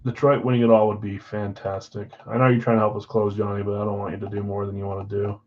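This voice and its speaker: A man hosting a live card-break stream in casual chat, rattling off names and teams, swinging between loud calls and quiet asides. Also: on the low side, little pitch movement, fast, lo-fi sound, a little hiss or hum.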